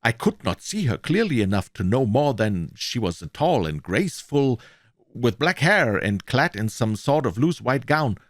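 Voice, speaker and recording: German man narrating, lively expressive delivery. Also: mid-range voice, moderate pace, dry recording, studio quality. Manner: expressive first-person narration with small slips. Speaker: audiobook reader. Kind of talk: reading a classic detective story aloud.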